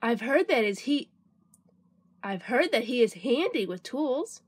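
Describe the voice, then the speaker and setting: A woman voicing an eager, literal-minded young housekeeper in a storybook reading, bright and earnest. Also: fairly high pitch, sing-song, measured pace, husky, no room sound, exaggerated voice. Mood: cheerful.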